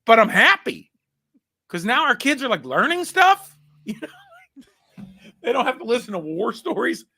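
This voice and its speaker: A man in his forties hosting a podcast, chatting casually and telling animated stories full of put-on quotes and laughter. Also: very high-pitched, normal speed, slightly rough. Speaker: podcast host. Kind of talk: casual chat.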